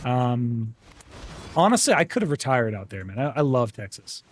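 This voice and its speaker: A man's voice: mid-range voice, big pitch swings, moderate pace, a little hiss or hum. A man chatting casually on a live gaming stream, upbeat and talkative, stumbling over and repeating words and calling people bro and dude. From United States.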